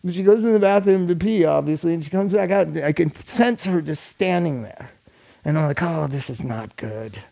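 A man's voice: high voice, a little fast, creaky, dark tone. A man telling a long, rambling story in casual chat, laughing often and swearing freely.

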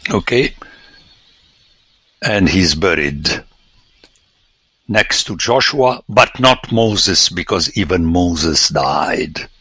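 A man, a priest, giving a lecture on scripture with animated, theatrical emphasis and sudden exclamations. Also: low voice, drawn-out words, long pauses, slightly rough, no echo.

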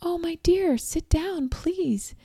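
A woman voicing a sweet, gentle woman acupuncturist who speaks softly and slowly. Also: extremely high pitch, gravelly, no room sound, voice pushed up, exaggerated voice. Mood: sweet welcoming.

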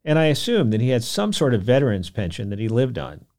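Lively man narrating a documentary. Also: medium pitch, quick pace. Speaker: podcast host.

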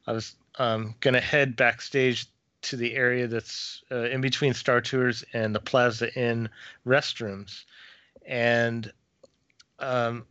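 A man's voice: medium pitch, little pitch movement, slow pace, pushed and bright, no echo, highs cut off. Hesitant man telling a ghost story. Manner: hesitant, with many restarts and fillers. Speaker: former theme park custodial worker, guest author. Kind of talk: casual storytelling in a podcast interview.

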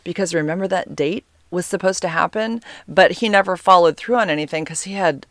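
A woman hosting a podcast, telling a story in an animated, chatty way and retelling conversations. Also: fairly low pitch, fairly quick, no echo, clean studio sound. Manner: animated, retells texts and calls, laughs often. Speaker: podcast host. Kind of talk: casual storytelling.

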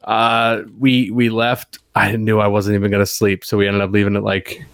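A man's voice: lowish voice, completely flat delivery, moderate pace, clean tone, no echo, studio quality. A man in his thirties co-hosting a podcast, joking about himself in a playful, laid-back way. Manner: playful, self-mocking, laughs easily. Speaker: podcast co-host. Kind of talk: casual chat.

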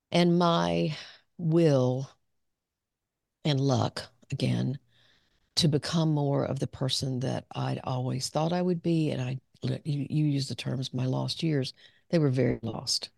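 A woman's voice: extremely low pitch, creaky, darkish tone, no room sound, studio quality. A woman psychologist telling her own story as a guest in an interview, reflective and open, often laughing. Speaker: clinical psychologist, podcast guest. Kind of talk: candid personal storytelling.

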